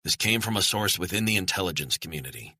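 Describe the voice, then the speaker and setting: A man's voice: sits low, lively intonation, fast, pushed and bright, husky, no room sound, clean studio sound, exaggerated voice. A man voicing an earnest journalist urging a skeptical colleague to believe his source. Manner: earnest, persuasive.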